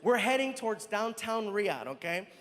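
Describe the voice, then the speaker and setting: High-voiced animated stand-up comic. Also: male voice, moderate pace. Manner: animated, conversational, acts out scenes. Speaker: stand-up comedian. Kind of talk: stand-up storytelling. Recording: live stand-up in a hall with reverb.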